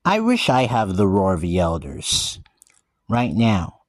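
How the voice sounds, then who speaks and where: A man giving an earnest in-character monologue, talking haltingly with restarted words and often calling out to everyone. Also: on the low side, wildly swooping pitch, dry recording, clean studio sound. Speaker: vlogger describing himself as a wildcat.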